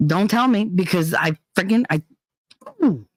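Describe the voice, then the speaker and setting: A woman's voice: on the low side, lively intonation, unhurried, no room sound. A woman hosting a casual livestream chat, venting bluntly and swearing heavily as she talks. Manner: profane, heated and blunt. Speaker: livestream host.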